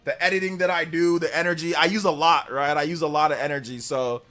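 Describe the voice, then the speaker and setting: Rambling streamer guy, higher voice. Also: fairly even intonation, fast, faint music behind. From Central California. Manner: rambling, filler-heavy, repeats himself; loud, laughing retelling of stories. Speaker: live streamer. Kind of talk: casual live-stream chat, reading donations.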